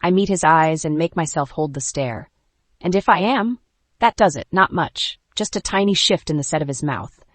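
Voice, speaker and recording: An audiobook narrator reads a first-person romance story at a mid pitch, measured and even, with short clipped pauses between phrases. The sound is close and dry, with no room around the voice. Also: dry recording.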